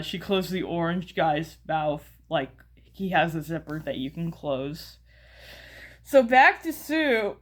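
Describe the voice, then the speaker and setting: Slow, rambling American woman. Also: medium pitch, fairly bright tone. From United States. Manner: rambling, many fillers and restarts, chuckles often. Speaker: YouTuber. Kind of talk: casual commentary.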